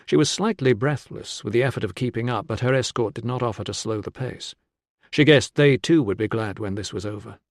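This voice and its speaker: A man reading an audiobook in a measured, steady scripted narration. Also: on the low side, vocal fry, no room sound, studio quality.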